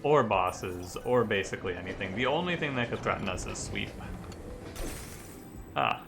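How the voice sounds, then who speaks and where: A young man streaming a card game, giving casual commentary in a rambling, chatty way full of quick self-corrections. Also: fairly low pitch, lively intonation, creaky. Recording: game music playing behind the voice.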